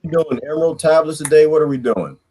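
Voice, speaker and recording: A man's voice: on the high side, fast, dark tone, husky, low-quality recording. A man hosting a casual online group chat, playful and jokey. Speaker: host.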